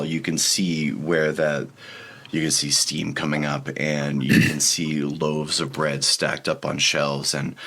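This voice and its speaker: A man narrating scenes and rules as game master of a tabletop game, in a relaxed, descriptive way. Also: sits low.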